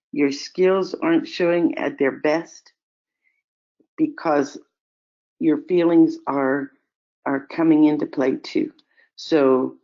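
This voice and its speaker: Calm, explanatory older woman on lo-fi audio. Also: low-pitched. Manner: calm, explanatory, tells stories with acted quotes. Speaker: expert guest answering questions. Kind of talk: online question-and-answer session. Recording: dull lo-fi audio.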